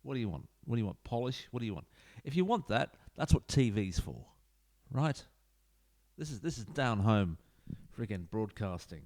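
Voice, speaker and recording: Playing a football management game at home, a man rambles through casual commentary for his YouTube audience, dropping offhand asides. Through a desk mic into his computer, his darkish voice comes across on the low side and very animated, at normal speed.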